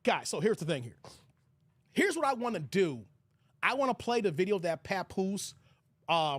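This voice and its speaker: A man with a fairly high voice hosts a livestream and talks in a loud, animated, crude way, reacting to his chat as he goes. The sound is dry and close, with almost no room around it. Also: dry recording. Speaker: host of a livestream commentary show. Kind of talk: casual commentary reading live chat.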